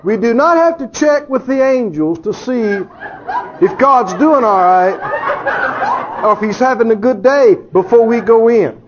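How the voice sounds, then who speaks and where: A man's voice: very high voice, expressive, unhurried, dull audio, a crowd in the background. A man preaching a sermon who jokes with the congregation, chuckles often, and asks rhetorical questions.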